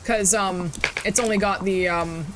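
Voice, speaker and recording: A woman's voice: medium pitch, fairly even intonation, measured pace, noisy background. An English woman streaming a game, bubbly and jokey, exclaiming often as she plays. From England. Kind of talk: casual gaming stream commentary.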